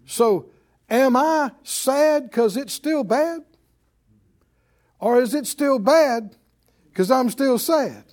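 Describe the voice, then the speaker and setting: A man's voice: extremely high pitch, expressive, takes it slowly, long pauses, a little mellow. A man preaching a sermon in a conversational way, calling out questions to the congregation.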